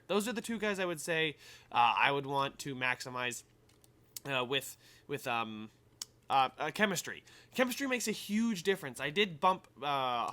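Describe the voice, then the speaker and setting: A man's voice: high voice, bright, forceful tone. A young man giving casual game commentary, thinking aloud and rambling with many fillers as he plays. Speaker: gaming YouTuber.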